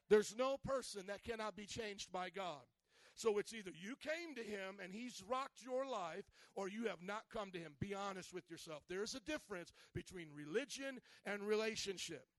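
Man, pastor, lively sermon, slangy and playful, calls for responses, high voice. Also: normal speed, no echo. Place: church service.

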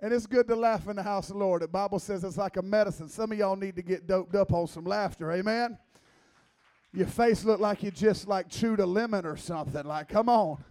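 A man's voice: sits high, fairly quick. A man in his thirties preaching as a guest, a joking, conversational sermon full of teasing asides. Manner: playful, teasing, lively asides.

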